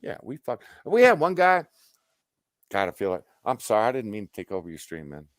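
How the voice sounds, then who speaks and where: A man's voice: fairly low pitch, a little fast, no room sound, studio quality. A man telling stories casually as a guest, swearing freely and acting out what people said. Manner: animated, profane, acts out quoted dialogue. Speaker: guest on a stream. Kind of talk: casual storytelling.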